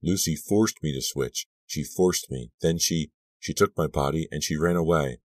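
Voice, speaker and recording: A cold, scheming teenage girl, read by a man with a very deep voice. She speaks softly and quietly, close to the mic in a dry, dead space. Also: normal speed, no echo. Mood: tearful. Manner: soft, quiet, mocking.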